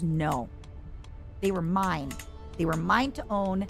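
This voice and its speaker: A chatty woman streamer talks through her strategy game in casual, self-mocking commentary, at a middle pitch for a woman. Now and then she breaks into excited shouts. Faint game music plays behind her. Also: normal speed, creaky.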